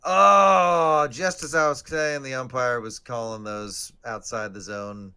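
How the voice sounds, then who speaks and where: A man's voice: mid-range voice, steady tone, measured pace, bright, forceful tone, clean tone. A man co-hosting a casual live stream, joking and sarcastic as he talks through a game. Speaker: podcast co-host. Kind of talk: casual live-stream chat about baseball.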